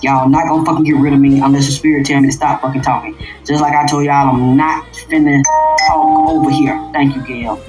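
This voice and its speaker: A woman hosting an unscripted livestream rant, profane and emphatic, dropping to low mutters and jumping up to loud outbursts. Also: flat delivery, fairly quick, reverberant, music in the background, low-quality recording. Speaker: livestream host.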